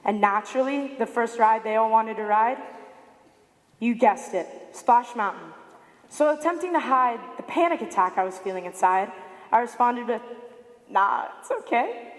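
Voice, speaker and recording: A woman in her late teens giving a prepared speech to an audience, telling a story with animated delivery and acting out quoted lines. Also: on the high side, normal speed. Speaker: student speaker. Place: large high school arena. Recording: echoey arena with long reverb.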